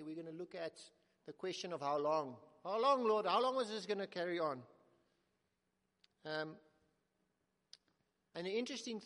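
A man preaching a sermon in earnest tones, swelling to emphatic calls and sinking to soft, slow words. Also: sits high. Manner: earnest, rising to emphatic then dropping to soft, slow quotes. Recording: long hall reverb.

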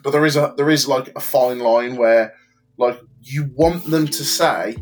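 A man chatting casually on a podcast, loose and talkative, dropping in "like" and "do you know what I mean" as he goes. His voice sits at a middling pitch, with faint music playing underneath. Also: a little slow. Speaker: wrestler and promoter.

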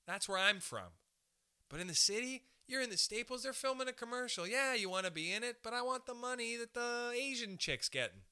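A man's voice: very high voice, a little fast, clean tone. A young man doing a rambling, profane stand-up style monologue. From Canada. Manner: profane, rambling, animated asides.

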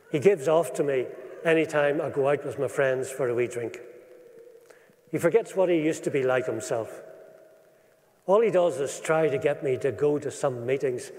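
A man's voice: mid-range voice, a little mellow, natural voice. A man quoting a grumbling, doubtful wife. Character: doubtful working-class wife complaining about her husband. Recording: long reverb of a large hall.

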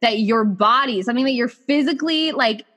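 Bright-voiced woman podcast host storytelling. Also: on the high side, fairly quick. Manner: animated, filler-heavy "like" talk. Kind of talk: casual storytelling chat.

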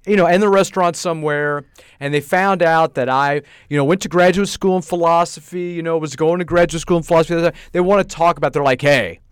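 Man, middle-aged, podcast co-host, animated storyteller, slightly high voice, dry recording. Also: fast talker, smooth, no room sound. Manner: animated storyteller, acts out quoted people. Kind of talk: casual chat.

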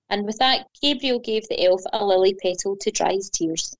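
A woman gently and expressively reading a children's fairy story aloud. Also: medium pitch, normal speed, few pauses, poor audio.

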